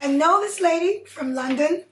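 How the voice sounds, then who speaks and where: A young woman guest telling her story in a relaxed, casual chat. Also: extremely high pitch, normal speed, soft background music. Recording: echoey room.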